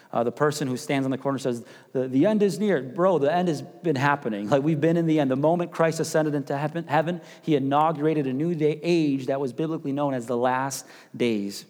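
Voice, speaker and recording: A man preaching a sermon as pastor, chatty and casual, rising to loud urgent passages and dropping to hushed near-whispers. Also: medium pitch. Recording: long hall reverb.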